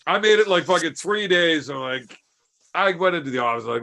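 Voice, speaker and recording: A man's voice: a little high, animated, fairly quick, gravelly, bright, forceful tone. A man in his thirties telling a rowdy, profanity-laced story over beers, acting out the dialogue as he goes. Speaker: podcast host.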